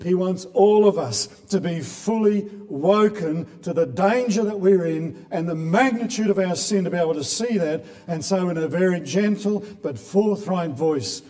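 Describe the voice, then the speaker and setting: Man, sermon delivery, earnest, mellow tone, echoing church hall. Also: sits high. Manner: earnest, repeats words when building a point. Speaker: preacher. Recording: long hall reverb.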